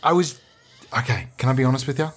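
A man improvising a comedy sketch, talking in a blustering, sweary, mock-calm way. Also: medium pitch, fast, husky. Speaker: comedy podcast host.

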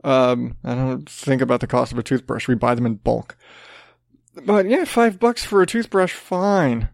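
A man's voice: medium pitch, normal speed, creaky, a little mellow, dry recording, studio quality. Sarcastic, profane man ranting. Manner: sarcastic, profane, rambling with restarts. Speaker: podcast host. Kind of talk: casual ranting commentary.

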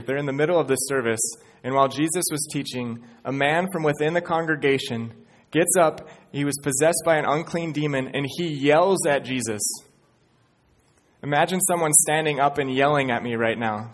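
A man preaching a sermon in an earnest way, building to emphatic peaks. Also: on the high side. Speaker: pastor. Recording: church hall reverb.

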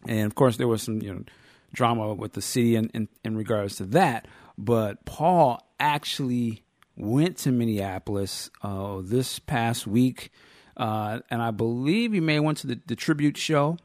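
A man's voice: medium pitch, unhurried, a little mellow, dry recording, clean studio sound. A man from the United States hosting a podcast, talking in a loose, rambling way with many fillers. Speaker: podcast host. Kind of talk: casual chat.

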